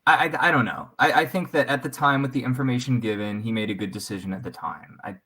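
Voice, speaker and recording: A man's voice: medium pitch, fast talker, pushed and bright, husky. A man in a casual livestream chat, easygoing and hedging, with dry sarcasm.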